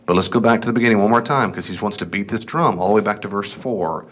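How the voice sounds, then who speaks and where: Speaking fast in a lowish, fairly bright voice, this middle-aged man teaches a casual Bible class. He reads scripture out loud and keeps it conversational, tossing questions to the class and supplying the answers himself.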